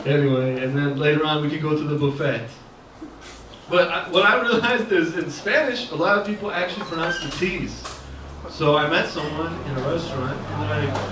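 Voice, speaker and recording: A male stand-up comic works through a loose, self-deprecating set, full of uhs and ums. His voice sits slightly high and bounces around a roomy gallery. It is caught from a distance, with steady noise behind him. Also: normal speed. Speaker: stand-up comedian. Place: art gallery open mic night. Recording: echoey room recorded from far off, noisy. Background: audience ambience and laughter.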